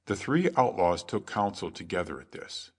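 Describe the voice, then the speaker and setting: Low-voiced male storybook narrator. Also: very animated, moderate pace, breathy edge. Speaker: audiobook narrator. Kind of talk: scripted sleep story narration.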